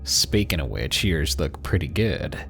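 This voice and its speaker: Creepy fifties cowboy with a heavy Southern drawl, slow and oily, read by a male narrator. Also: a bass voice, big pitch swings, creaky, fairly bright tone, soft background music, voice pushed down, exaggerated voice. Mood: leering. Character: leering middle-aged male cowboy creep.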